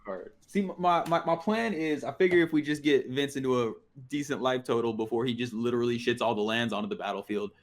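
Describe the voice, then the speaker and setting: This man from Miami talks fast in a middle-pitched voice, playful and teasing with the other players. He is a guest in a casual gaming chat. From Miami, USA.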